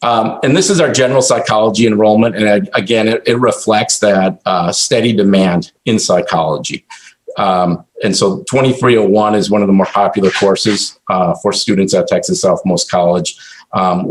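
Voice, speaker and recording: A man with a fairly low voice gives a slide presentation to a college board. He speaks in a halting way and fills the gaps with many ums and uhs. He restarts his sentences often as he presents. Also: low-quality recording. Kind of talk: formal presentation at a board meeting.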